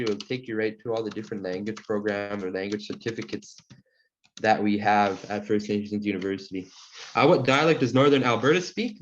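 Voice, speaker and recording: A man teaching an online language class, answering questions in a relaxed, friendly way with many fillers. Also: on the low side. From Saskatchewan, Canada. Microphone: video call. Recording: muffled video call audio.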